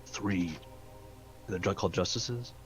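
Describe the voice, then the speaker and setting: Male player, low bright voice, stop-start casual chat, faint music underneath. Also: low-quality recording. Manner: halting, full of fillers and restarts. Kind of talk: casual tabletop game chat.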